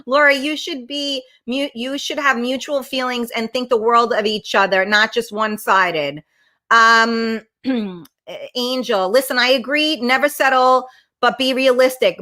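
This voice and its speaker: A woman's voice: fairly high pitch, a bit bright. A middle-aged woman hosting a casual live-stream chat, blunt and brash, swearing freely as she reads viewer comments. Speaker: talk show host.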